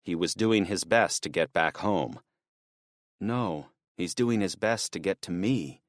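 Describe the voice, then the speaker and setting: Casting: deep male audiobook narrator, measured and even, dry close studio sound. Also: no room sound. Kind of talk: scripted narration.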